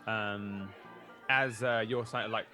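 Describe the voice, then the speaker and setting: A man's voice: on the low side, steady tone, slow pace, bright, forceful tone, faint music behind. A man narrating a tabletop game as game master, describing scenes playfully.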